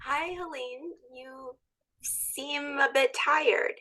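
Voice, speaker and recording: A woman workshop participant who speaks hesitantly, with pauses. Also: high voice, steady tone, sharp tone, low-quality recording.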